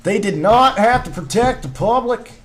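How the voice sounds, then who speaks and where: High-voiced man hamming a Southern twang. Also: lively intonation, normal speed. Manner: hams up a put-on Southern twang; repetitive, riffing, profane. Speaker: podcast co-host. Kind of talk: casual ranting chat.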